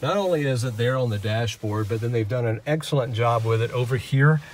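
A man's voice: medium pitch, a little fast. A man co-hosting a casual car review, easygoing and chatty, talking from inside a moving pickup truck. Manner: easygoing, chatty, laughs often. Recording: road and engine noise. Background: vehicle road noise.

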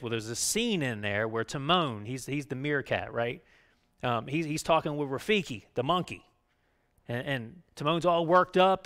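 Man preaching with frequent "right?" asides. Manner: swings between raised emphatic lines and low quiet ones. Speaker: pastor. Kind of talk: sermon.

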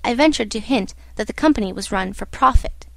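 A woman narrating a classic novel as an audiobook in a measured storytelling manner. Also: a little high, vocal fry, no echo.

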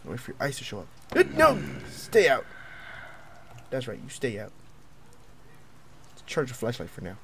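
A young man commentating a horror game as he plays, jumpy and excitable, yelping and taunting the monster. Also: medium pitch, normal speed, creaky, long pauses, slight background noise. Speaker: gaming video creator.

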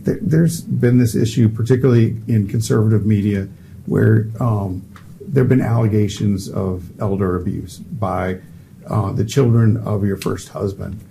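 A man on an editorial board, questioning a candidate haltingly with restarts. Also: on the low side, fairly even intonation, vocal fry, warm tone, slight background noise. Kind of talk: interview questioning.

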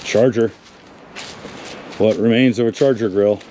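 Man, slow and mellow, chatty salvage-yard tour host outdoors, faint background noise. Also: on the low side, fairly even intonation. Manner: chatty, talks to viewers and cars. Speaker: car magazine presenter. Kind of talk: casual walkaround commentary.

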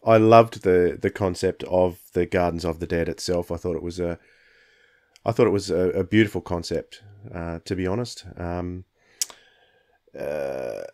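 Deep-voiced man co-hosting a podcast. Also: moderate pace, a little mellow. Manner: hesitant, many ums and uhs. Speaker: podcast co-host. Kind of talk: casual review chat.

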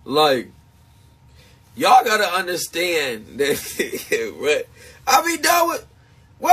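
A man's voice: on the high side, wildly swooping pitch, slow, long pauses, fairly bright tone, husky. A man streaming live to his supporters in a casual, emphatic, confessional way. He repeats his points and laughs often between them. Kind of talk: casual livestream chat.

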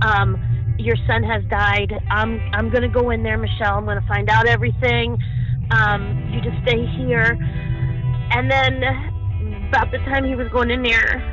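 Grieving mother guest, emotional and halting, higher voice, dull lo-fi recording with faint music underneath. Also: a bit bright. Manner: halting, many ums and restarts. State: emotional, holding back tears. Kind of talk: emotional interview recollection.

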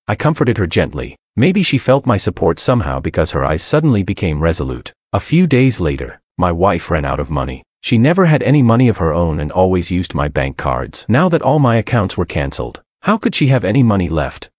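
A man's voice: sits low, big pitch swings, brisk, hardly any pauses, no room sound, clean studio sound. A man narrating a dramatic first-person story in a scripted, emotional reading.

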